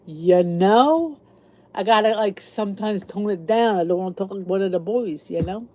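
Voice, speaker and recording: A woman's voice: medium pitch, fairly even intonation, fairly quick, warm tone, a little hiss or hum. A middle-aged woman with a Philadelphia accent, chatting casually with live viewers on her channel and answering their comments in a rambling way. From Philadelphia area. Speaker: YouTube channel host.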